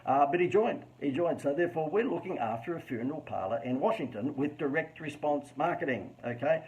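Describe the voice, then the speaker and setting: A man's voice: on the high side, expressive, brisk, darkish tone, lo-fi sound. An Australian man hosting a casual live stream, coaching businesses on marketing in a chatty, joking, self-mocking way.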